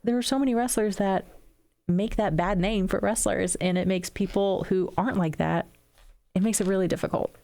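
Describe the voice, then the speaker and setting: A woman in her thirties co-hosting a casual chat, telling stories in an animated way and laughing often. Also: mid-range voice, moderate pace, creaky. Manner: animated storyteller, laughs often, mimics voices in anecdotes. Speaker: podcast co-host, wrestler.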